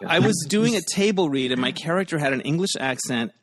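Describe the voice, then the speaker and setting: A man hosting a podcast game over a video call, upbeat and quick with puns, laughing often. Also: fairly high pitch, expressive. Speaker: podcast host.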